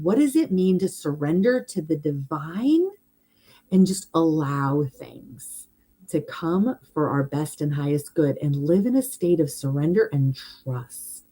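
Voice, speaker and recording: A middle-aged woman hosting a casual spiritual talk, animated and mimicking chatter in higher mocking tones. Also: unhurried, husky. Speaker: spiritual podcast host.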